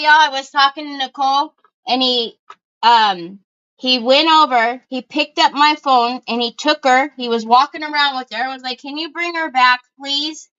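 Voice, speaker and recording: The audio is lo-fi as a woman with a high, bright, forceful voice runs a casual crafting livestream. Chatty with her viewers, she interrupts herself to call out to family members while working.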